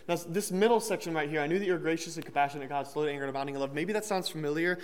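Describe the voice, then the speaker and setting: A man's voice: fairly high pitch, rapid-fire, few pauses. A young man giving a conversational sermon, joking lightly and restarting his sentences as he explains a Bible passage. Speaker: preacher. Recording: long hall reverb.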